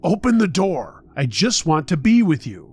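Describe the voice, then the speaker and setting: A creepy young stalker, as a male narrator puts him on speaks softly with a falsely gentle calm. The voice sits slightly above the teller's own register. It is a quiet, unsettling menace in a spoken horror story. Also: mid-range voice, a little slow. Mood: shouting.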